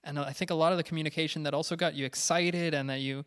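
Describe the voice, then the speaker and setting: A young man co-hosting a casual podcast chat, halting and thinking aloud with many fillers. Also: fairly high pitch, fairly even intonation, fairly bright tone, smooth. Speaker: podcast co-host.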